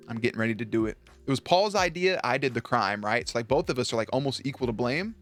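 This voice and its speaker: Young male streamer, laid-back and profane storyteller, middling pitch, faint music behind. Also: fast, few pauses. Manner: profane, laughing, animated. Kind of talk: casual storytelling to chat.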